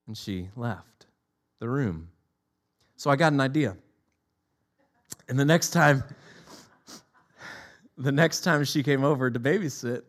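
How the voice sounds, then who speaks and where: A man in his forties preaching a sermon, telling stories with lively repeated phrases. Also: medium pitch, moderate pace, pauses often.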